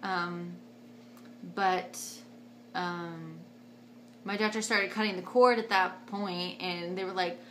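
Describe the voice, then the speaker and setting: A woman in her twenties telling a personal story to camera in a casual, animated way, acting out quotes. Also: slow pace, long pauses, a little hiss or hum. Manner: animated, acts out quotes with big jumps in pitch and loudness. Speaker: vlogger.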